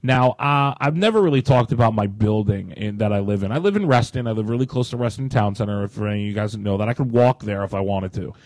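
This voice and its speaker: A man's voice: lowish voice, fast, few pauses, no room sound. A man hosting a podcast, telling stories in casual chat with frequent laughter. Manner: animated storyteller, laughs often. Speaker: podcast host.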